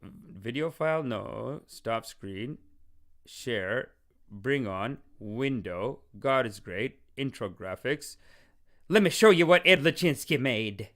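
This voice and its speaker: A man's voice: medium pitch, expressive, slow, fairly bright tone. A man hosting a podcast in casual, rambling, joking talk, swearing and laughing often. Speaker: podcast host. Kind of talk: casual chat.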